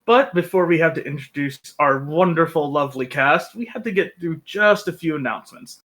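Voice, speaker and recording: A man's voice: fairly high pitch, brisk, a bit bright. A man hosting a tabletop game stream, reading sponsor announcements and introducing players in an upbeat, scripted way. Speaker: host and game master.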